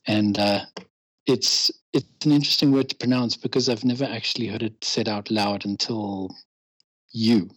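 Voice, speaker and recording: Chatty man, husky and dry. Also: on the low side, fairly even intonation, normal speed, no echo, poor audio. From England. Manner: chatty, self-deprecating, given to rants. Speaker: interview guest. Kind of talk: casual podcast interview.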